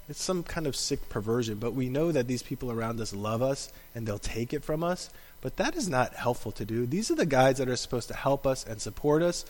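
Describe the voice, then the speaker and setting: A man in his thirties preaching a sermon as pastor, animated, acting out quoted voices with bursts of laughter. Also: medium pitch. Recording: echoey hall sound.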